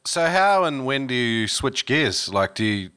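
A man hosts a relaxed interview, his questions halting and full of restarts. His voice is bright and forward. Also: mid-range voice, smooth. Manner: hesitant, repeats words when asking. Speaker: podcast host. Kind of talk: casual interview.

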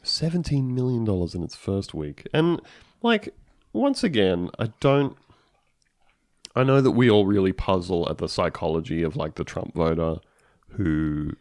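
A man co-hosting a casual political chat, animated and sarcastic, acting out quotes as he goes. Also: low voice, a little slow, no echo, clean studio sound.

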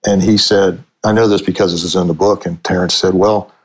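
A middle-aged man, a sportswriter and author, telling long anecdotes in a relaxed conversational way, restarting his sentences often. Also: low voice, brisk, slightly rough, rough recording. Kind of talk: conversational storytelling.

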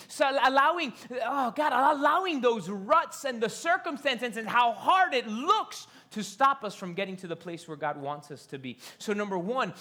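A fervent male pastor preaches with a very high, bright, forceful voice. He hammers points through repetition and sometimes sinks to a hushed whisper. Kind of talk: sermon.

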